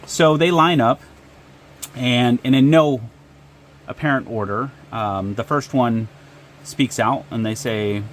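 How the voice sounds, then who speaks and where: A man's voice: mid-range voice, takes it slowly, long pauses. A man narrating and running a solo tabletop game with frequent ums and uhs. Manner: hesitant, lots of ums and uhs.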